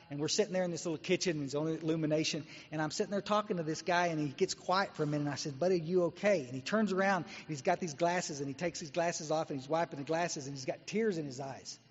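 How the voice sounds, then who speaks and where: A man from Texas giving a guest talk at a recovery meeting, blunt and exhorting as he tells his story. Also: a little high. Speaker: guest speaker. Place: meeting hall. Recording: dull echoey hall recording.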